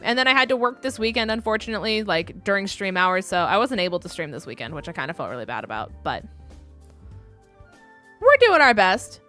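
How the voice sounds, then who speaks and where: A woman's voice: medium pitch, very animated, a little fast, pushed and bright, faint music behind. A young adult woman chatting casually with her live-stream audience, rambling with many ums and likes.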